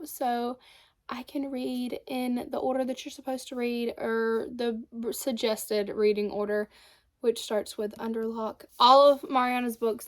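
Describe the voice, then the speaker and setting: A woman, chatting casually and enthusiastically about books on her vlog, often correcting herself mid-sentence. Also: on the high side. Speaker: book vlogger. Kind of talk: casual chat.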